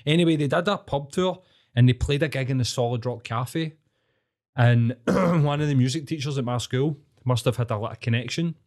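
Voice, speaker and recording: A Scottish man from Glasgow in his thirties, chatting on a podcast. He swears nonstop and works himself up into animated rants. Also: mid-range voice, normal speed. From Scotland. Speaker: podcast co-host. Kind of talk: casual sweary podcast chat.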